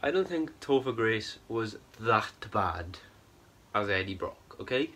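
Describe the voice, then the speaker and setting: A man's voice: fairly low pitch, animated, slow, pushed and bright. Young man ranting about a film. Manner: exasperated, rambling, keeps tagging "right?" and "bro". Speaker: film reviewer. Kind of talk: ranting film review vlog.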